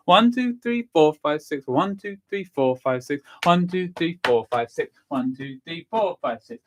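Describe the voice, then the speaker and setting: चुलबुला, हौसला बढ़ाने वाला आदमी, हल्का ज़ुकाम. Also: male voice, fairly high pitch, moderate pace, few pauses, fairly bright tone. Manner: cheerful, encouraging, counts exercises aloud. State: slightly stuffy from a cold. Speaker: singing and vocal warm-up teacher. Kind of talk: live online vocal warm-up lesson.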